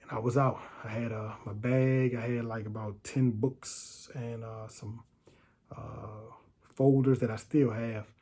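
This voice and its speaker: Mellow, even-toned middle-aged man. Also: mid-range voice. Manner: reflective and unhurried, with frequent fillers and restarts. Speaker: storyteller recalling his release from prison. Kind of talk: casual personal storytelling.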